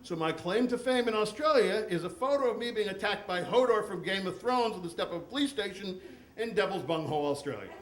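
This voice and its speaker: A man from the United States telling a comic personal story on stage with a deadpan, profane delivery. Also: sits high, brisk. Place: stage at a live storytelling event. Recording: echoey room, faint background noise.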